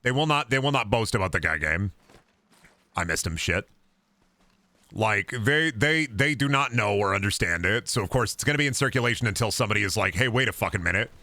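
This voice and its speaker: A hoarse man streaming a game, chatting casually in a rambling, profane way that keeps restarting. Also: on the low side, expressive, a little fast, pushed and bright, no room sound. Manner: rambling, profane, self-interrupting. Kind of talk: casual gameplay chat.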